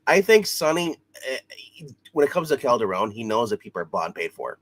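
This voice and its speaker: A man's voice: medium pitch, sing-song, brisk. A man co-hosting a casual TV episode review, talking in a loose, rambling way with many fillers.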